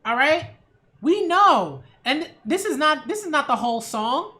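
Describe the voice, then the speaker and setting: This woman's voice is high-pitched, very animated, pushed, and bright, with a slightly slow pace. She hosts her own channel as a culture critic and rants casually, sarcastic and emphatic, regularly asking "right?"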